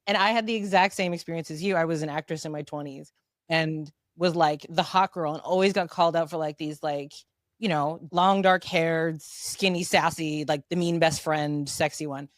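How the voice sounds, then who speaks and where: A woman hosting a podcast, chatting in a candid, expressive way. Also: sits low, normal speed, dry recording, studio quality. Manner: chatty, expressive, laughs while talking. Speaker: podcast host. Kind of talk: casual chat.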